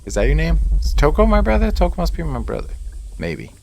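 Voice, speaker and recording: A man's voice: a little high, wildly swooping pitch, brisk, gravelly, a little mellow, slight background noise. A young man giving casual, joking commentary on a video game he is playing, talking to his viewers and swearing freely. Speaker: gaming video creator. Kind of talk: casual let's-play commentary.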